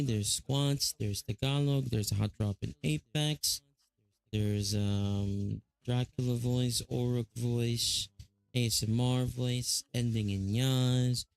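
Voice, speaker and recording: A man's voice: medium pitch, creaky, a little mellow, no room sound. A man with a Filipino accent chatting casually on a live stream, rambling with lots of fillers and restarts.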